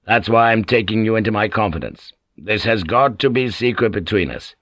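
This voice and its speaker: Here a male narrator voices a shrewd old warlord in an audiobook, speaking deeply and slowly with quiet, sly authority and a scheming air. The character is cunning and commanding, and the sound is dry and close-miked.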